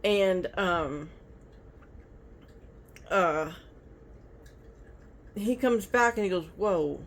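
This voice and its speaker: A woman's voice: medium pitch, expressive, extremely slow. A woman telling rambling stories in a casual vlog, talking into her phone. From United States. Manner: chatty, rambling. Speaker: vlogger.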